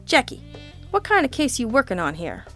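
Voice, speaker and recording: A woman's voice: high voice, wildly swooping pitch, brisk, a bit bright, soft background music, voice pushed up, exaggerated voice. Woman doing a whiny, jittery little man. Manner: whining, flustered, eager to please. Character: nervous whiny little male informant.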